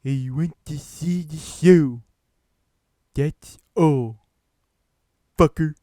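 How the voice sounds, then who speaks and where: A man voicing a creepy stranger in a theater who shouts in a shrill, frantic voice. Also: extremely slow, dry recording, clean studio sound. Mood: menacing. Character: creepy man yelling from the back row.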